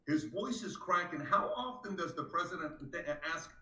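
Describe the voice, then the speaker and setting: A man's voice: sits high, animated, moderate pace, bright, forceful tone, echoey room, recorded from a distance, poor audio. A man hosting a live reaction stream, talking in an emphatic, insistent way and repeating points for emphasis. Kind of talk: live stream political commentary.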